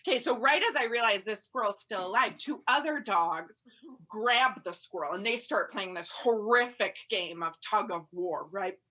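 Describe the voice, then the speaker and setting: Woman doing stand-up over a video call from home, bright sharp voice, rambly, says like a lot. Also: medium pitch, expressive, measured pace. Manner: chatty and rambling, heavy on "like", bursts into loud yelled quotes. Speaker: stand-up comedian.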